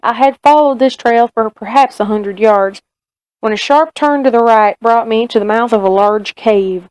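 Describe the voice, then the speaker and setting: A woman reading aloud as a male frontier soldier telling his own story, in a Southern US accent with steady, measured narration. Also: fairly high pitch, no echo, close to an everyday voice, low-quality recording. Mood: grave.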